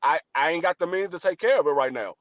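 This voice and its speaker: A man's voice: a little high, fast, no echo. Earnest man giving advice, lo-fi sound. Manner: earnest, motivational, repeats himself. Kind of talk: casual podcast talk. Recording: dull dry lo-fi sound.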